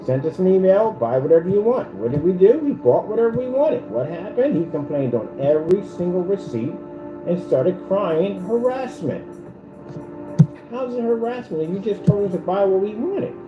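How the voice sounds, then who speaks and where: A man with a high, expressive voice speaks at normal speed on a muffled recording. The channel host rants confrontationally in a commentary video, taunting and repeating himself, in an echoey room where music plays behind him.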